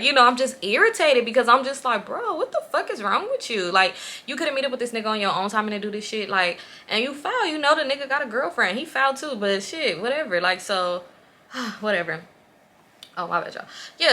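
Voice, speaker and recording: A vlogger in her twenties tells a casual storytime, animated and profane, and gets loud whenever she's exasperated. Her voice is medium-pitched.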